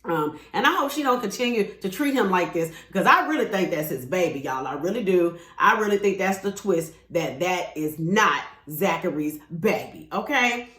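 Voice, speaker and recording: A woman's voice: fairly low pitch, animated, moderate pace, few pauses, fairly bright tone, reverberant. A woman giving a chatty, casual recap of a TV episode, with sassy asides to her viewers. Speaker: TV show reviewer.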